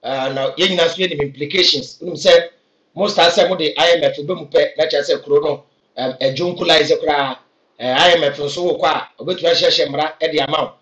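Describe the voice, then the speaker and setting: A man's voice: a little high, steady tone, a little fast, a bit bright, reverberant, highs cut off. A man with a Ghanaian accent giving earnest, urging opinions to camera, with hesitant fillers. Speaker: political commentator. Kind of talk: impassioned opinion vlog.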